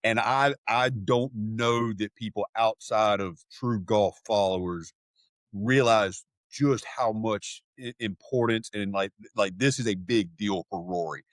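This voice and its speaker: A man's voice: fairly low pitch, unhurried, no room sound. A man co-hosting a podcast in casual chat, rambling and hesitant, with many restarts. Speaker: podcast co-host.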